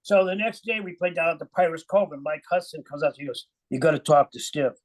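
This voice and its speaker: A man's voice: on the high side, fast talker, rough recording. An older man, a musician guest, telling anecdotes in a casual interview, acting out quotes and laughing often. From Cleveland, USA.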